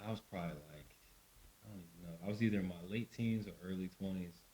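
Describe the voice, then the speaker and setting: A man co-hosting a casual podcast chat, telling stories and acting out what people said. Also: fast talker. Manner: animated storyteller, acts out voices with big pitch jumps. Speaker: podcast co-host. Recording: roomy echo.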